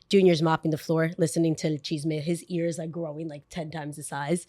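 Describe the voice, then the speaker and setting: Young woman podcast host, casual and animated storyteller, dry close mic. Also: a little fast, few pauses, no room sound. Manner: animated, acts out quotes with pitch swings.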